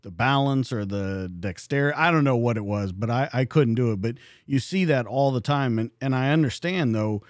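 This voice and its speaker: A man's voice: mid-range voice, moderate pace, few pauses, no echo, studio quality. A male interview host asking questions in an inquisitive, conversational way. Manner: inquisitive, conversational, some restarts. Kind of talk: podcast interview.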